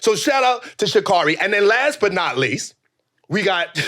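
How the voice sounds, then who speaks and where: High, lively-voiced male podcast host. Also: moderate pace. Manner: animated, profane, joking rants. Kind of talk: casual comedic chat.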